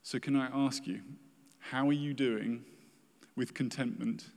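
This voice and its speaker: A man's voice: mid-range voice, steady tone, unhurried, darkish tone. A man preaching a sermon in an earnest way, acting out the complaints of the people he quotes. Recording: reverberant hall.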